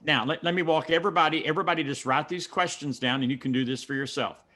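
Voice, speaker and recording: A man's voice: on the high side, fast, bright, forceful tone. Folksy Southern-accented man coaching. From mountains of North Carolina. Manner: folksy, step-by-step instructive, emphatic. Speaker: speaker coach answering questions. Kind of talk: teaching Q&A and personal storytelling.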